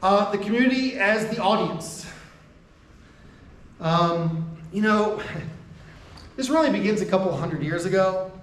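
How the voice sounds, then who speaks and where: This American man has a high, animated voice and an unhurried delivery with long pauses. He addresses faculty in a lecture room in a conversational style, often saying "right?", starting sentences over, and laughing between points, while the echoey recording catches him from a distance.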